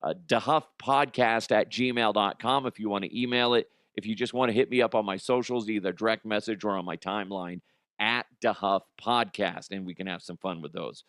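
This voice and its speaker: A man's voice: on the low side, moderate pace, fairly bright tone, no room sound, studio quality. Profane rambling man hosting a podcast. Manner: rambling, profane, laughs often. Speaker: podcast host. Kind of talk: casual comedic monologue.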